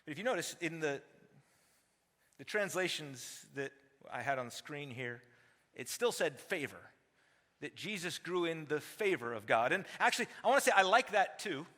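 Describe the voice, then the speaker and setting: Long hall reverb fills the large church sanctuary as a man in his forties, a teaching pastor, delivers his sermon. His fairly high voice is sing-song, bright, and forceful at a moderate pace, and he stays emphatic and conversational while posing rhetorical questions to the congregation.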